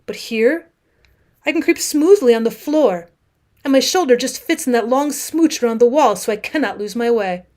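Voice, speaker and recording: A woman teacher reading a classic short story aloud as an audiobook. She reads dramatically, moving between hushed and raised passages. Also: fairly high pitch.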